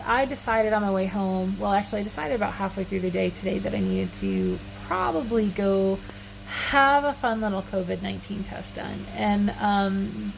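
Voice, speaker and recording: A woman's voice: medium pitch, gravelly. A woman telling a rambling, self-mocking story to her phone at home, slightly wheezy, with a fan humming behind. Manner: chatty, rambling, laughs at herself. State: a little wheezy. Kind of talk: casual storytelling vlog. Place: indoors at home with a fan running. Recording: faint fan hum behind.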